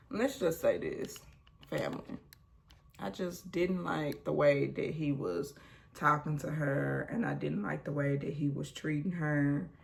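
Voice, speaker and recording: A woman with a low, gravelly voice recaps a reality show in a casual vlog. She takes her time, acts out what people said, and drops blunt asides along the way. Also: slight background noise. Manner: animated retelling, acts out quotes, blunt asides.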